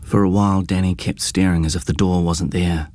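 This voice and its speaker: A man giving measured, scripted audiobook narration of a story. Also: deep voice, steady tone, darkish tone.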